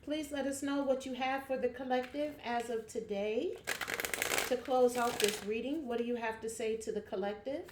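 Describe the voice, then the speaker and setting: A woman's voice: on the high side, normal speed, background noise. A woman giving a casual tarot reading at home, talking straight to her viewers in a blunt, chatty way and swearing freely. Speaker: tarot reader. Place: home room. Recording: echoey room.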